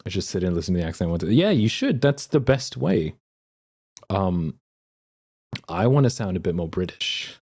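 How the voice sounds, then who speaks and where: A young man livestreaming, chatting casually and excitably with viewers and reading chat aloud. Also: low-pitched, moderate pace, pauses often, slightly rough. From Australia.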